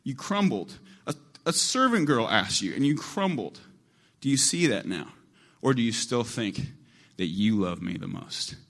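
A man preaching, voicing Jesus as a calm man who presses a friend with searching questions. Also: medium pitch, unhurried, gravelly, exaggerated voice. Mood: pressing.

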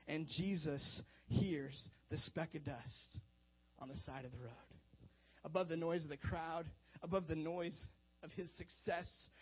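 High-voiced preacher man. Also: breathy edge. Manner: animated, swings from hushed to loud. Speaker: pastor. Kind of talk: sermon. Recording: dull lo-fi recording.

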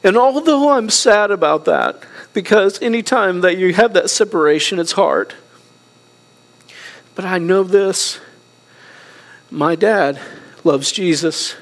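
A middle-aged male pastor preaching a sermon in a high, earnest voice. He is emotional and near tears, dropping soft and low before rising again to press a point. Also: expressive, slow, pauses often. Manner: earnest, preaching with wide swings between soft and raised passages.

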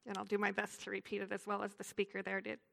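A woman's voice: medium pitch, completely flat delivery, quick pace, gravelly, a bit bright. A woman speaking to a women's ministry gathering, telling a story in an earnest way and closing in prayer. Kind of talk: devotional talk with storytelling and prayer.

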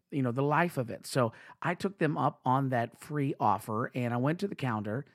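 A man's voice: medium pitch, no echo, studio quality. A young man hosting a podcast, telling a self-mocking everyday story in a chatty, storytelling way. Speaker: podcast host.

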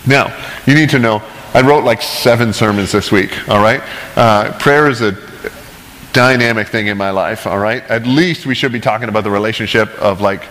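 A man's voice: on the low side, normal speed, fairly bright tone, in a large hall, rough recording. A male pastor preaching a casual, conversational sermon with chatty, self-deprecating asides and frequent "right?" checks.

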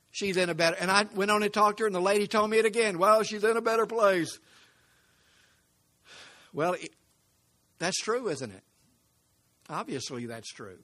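Older man preaching in a storytelling way. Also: on the high side. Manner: conversational storytelling with rhetorical questions; swings between emphatic and hushed. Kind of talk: sermon.

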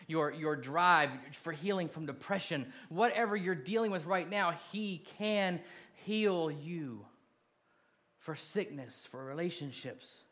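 A pastor delivering a church sermon, his voice sitting a touch higher than most men's. He speaks with plain, steady conviction and swings between quiet, intimate passages and loud rallying calls. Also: slow. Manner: preaching, building from soft to loud calls.

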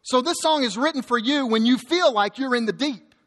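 Pastor guy preaching in a big echoey church, bright punchy voice, cracks jokes, stumbles over words a lot. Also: extremely high pitch, a little fast. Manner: lively preaching with joking asides and frequent word repeats. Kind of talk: sermon. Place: church sanctuary.

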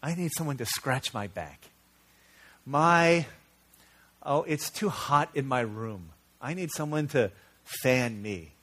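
A man's voice: medium pitch, animated, slow pace, a bit bright. A man putting on a whiny little girl. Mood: whiny pleading. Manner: pleading, fake-whimpering.

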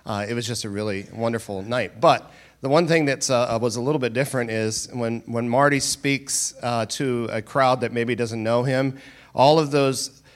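A man, a church pastor, introducing a guest speaker to the congregation with many pauses and fillers. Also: medium pitch. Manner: warm welcoming, filler-heavy. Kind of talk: sermon introduction.

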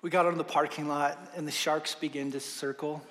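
A male pastor preaching a sermon, swinging from hushed slow passages to loud fervent ones. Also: a little high, flat delivery, background noise. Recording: long hall reverb.

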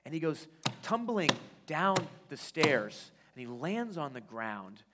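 A man's voice: a little high, very animated, slow, heavy background noise. A man preaching a sermon, telling a story conversationally with frequent restarts. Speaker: pastor. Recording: long church-hall reverb.

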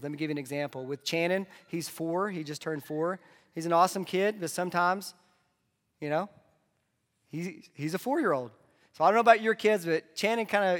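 A man delivering a conversational sermon as a pastor, dropping into soft asides. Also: a little high, normal speed. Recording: long hall reverb.

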